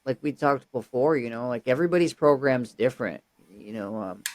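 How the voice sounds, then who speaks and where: A man hosting a podcast, asking questions in a halting, casual way with many restarts. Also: mid-range voice, animated. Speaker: podcast host. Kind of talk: casual interview.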